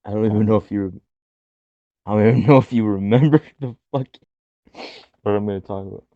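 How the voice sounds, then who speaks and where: A man co-hosting a casual podcast chat, laughing often and swearing in animated bursts. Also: fairly low pitch, a little fast, dry recording, highs cut off. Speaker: podcast co-host.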